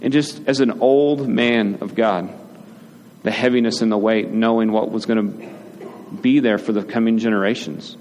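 A man's voice: fairly low pitch, steady tone, moderate pace, darkish tone. A man, a father, preaching a conversational sermon as pastor, often checking in with "right?" and acting out short quoted lines. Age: adult, father. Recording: reverberant hall with faint ambient noise.

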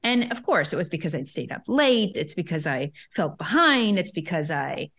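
A woman who coaches entrepreneurs, a guest telling a personal story in an interview, chatty and lively, often acting out her own past thoughts. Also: on the low side, moderate pace. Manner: lively, self-quoting, chatty with frequent "like".

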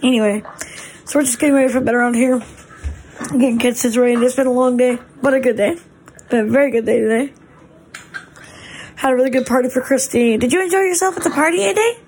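High-voiced mom, gushing. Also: female voice, steady tone, brisk, pauses often, darkish tone, a little hiss or hum, poor audio. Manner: gushing, chatty, with fillers. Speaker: mother and family vlogger. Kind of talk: casual home vlog. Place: family home.

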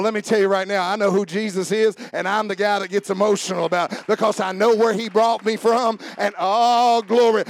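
A man preaching a sermon as pastor, building up to shouting and dropping into mock-calm voices for jokes. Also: sits high, creaky.

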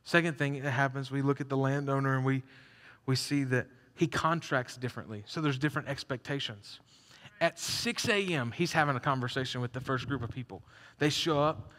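A man preaching a sermon in an animated, conversational way, acting out the story as he goes. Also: mid-range voice, brisk. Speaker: pastor. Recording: long hall reverb.

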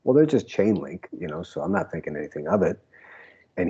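Male guest, deep and husky, easygoing storyteller; muffled lo-fi sound. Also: very animated, fairly quick, mellow. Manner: laid-back storyteller, laughs often. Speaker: former pro wrestler guest. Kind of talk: casual interview recollection.

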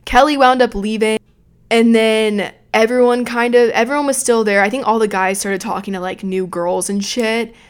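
A woman's voice: fairly high pitch, fairly even intonation, normal speed, clear, resonant tone. A young adult woman hosting a podcast, telling a story in a rambling, profane, self-mocking way from a room at home. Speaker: podcast host. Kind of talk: casual storytelling.

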